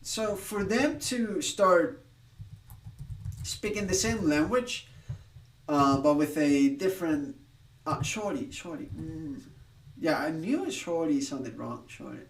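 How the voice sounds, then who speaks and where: A man's voice: fairly high pitch, animated, slow pace, echoey room, distant mic, a little hiss or hum, low-quality recording. A man from Spain chatting casually on a live stream, rambling with restarts, laughing and swearing now and then.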